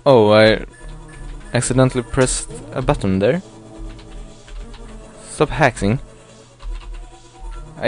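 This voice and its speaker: A man's voice: mid-range voice, slow pace, long pauses. A man giving casual, rambling commentary while playing a video game, often swearing and apologizing. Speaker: let's play gamer. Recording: faint game music behind.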